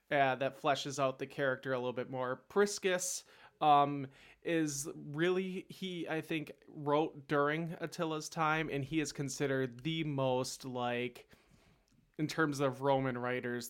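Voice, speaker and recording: A man hosts a laid-back history podcast. He talks in a chatty way and hedges a lot with fillers. His voice is smooth and resonant, sitting at a middle pitch. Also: fairly bright tone. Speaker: podcast host. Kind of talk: casual history podcast chat.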